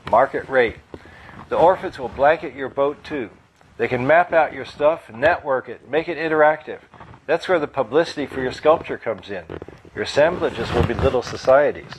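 A man's voice: mid-range voice, moderate pace, slight background noise, close to an everyday voice, poor audio. A man reading as a glib, breezy tech schemer. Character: brash man unleashing nanotech, glib. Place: live bookstore reading.

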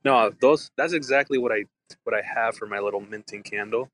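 Playful man with a bright, low voice. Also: fairly quick, slight background noise, poor audio. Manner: playful, jokey, laid-back. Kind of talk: casual chat. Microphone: online audio call.

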